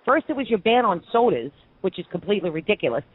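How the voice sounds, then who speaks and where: A woman's voice: medium pitch, big pitch swings, fast talker, husky, dry recording, narrow, tinny audio. A woman from Brooklyn hosting a call-in radio show, ranting with heated opinions. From Brooklyn, New York.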